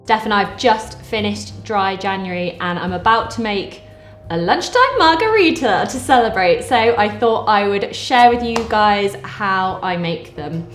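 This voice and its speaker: A woman's voice: medium pitch, animated, a little slow, echoey room, faint music behind. A woman talking casually through a home cocktail recipe step by step, joking as she goes, in a kitchen. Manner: chatty, jokey, explaining step by step. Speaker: vlogger. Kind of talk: casual cooking demo.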